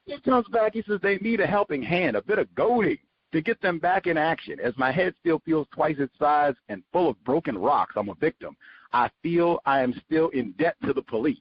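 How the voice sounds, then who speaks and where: A man hosting a book study show, giving sarcastic, animated commentary as he reads. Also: on the high side, normal speed, dull audio, a little hiss or hum. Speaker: host.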